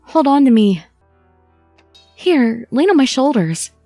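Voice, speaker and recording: A woman voicing a gentle, earnest young woman who speaks in a pleading, tender way. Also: sits high, sing-song, takes it slowly, dry recording, soft background music, pitched above the performer's own voice, full character voice.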